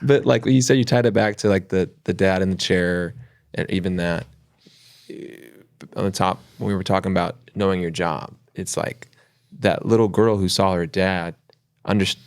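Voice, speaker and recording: Low-voiced man reflecting in conversation. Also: moderate pace. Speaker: podcast co-host. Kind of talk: casual chat.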